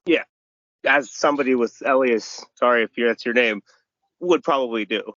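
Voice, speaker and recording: A friendly man co-hosting a gaming podcast, with a mid-pitched voice that is a little hoarse. He teases his friends lightly. The sound is dull and dry. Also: moderate pace, a bit bright, dry recording. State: slightly hoarse from illness. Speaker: podcast co-host. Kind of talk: casual chat about tabletop gaming.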